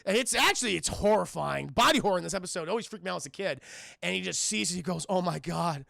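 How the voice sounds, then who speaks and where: A man's voice: high voice, fast talker, creaky, no echo, studio quality. A man recapping a cartoon episode on a live stream, cursing freely and acting out scenes as he goes. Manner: profane, animated, acts out scenes in voices.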